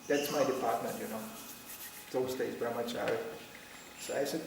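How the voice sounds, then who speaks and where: A man's voice: mid-range voice, moderate pace, gravelly, slight background noise. A middle-aged man telling anecdotes to a gathering, laughing often and acting out what people said. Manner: lively storyteller, laughs often, acts out quotes. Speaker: speaker telling memories to a devotional gathering. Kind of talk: anecdotal storytelling talk. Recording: very echoey room, mic far off.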